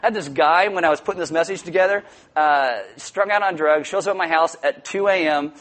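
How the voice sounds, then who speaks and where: High-voiced joking male preacher. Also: a little fast. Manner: joking, conversational preaching with sudden loud outbursts. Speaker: pastor. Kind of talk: sermon. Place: church before a congregation.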